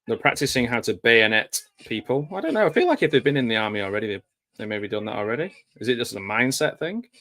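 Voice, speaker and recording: Sing-song and quick, this man's mid-range voice has a fairly bright tone with no echo. He provides a casual, joking commentary over a film as it plays, wry and talkative, with dry jokes and lots of fillers.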